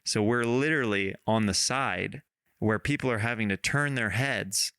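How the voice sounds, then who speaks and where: A man hosting a podcast talks in an easy, rambling way, circling back and restarting his thoughts as he goes. His voice is bright and forceful, with a smooth, clean clarity. It is recorded dry and close, with almost no room sound. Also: on the low side, normal speed, no echo. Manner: rambling, many restarts, laughs often. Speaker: podcast host. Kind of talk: casual interview chat.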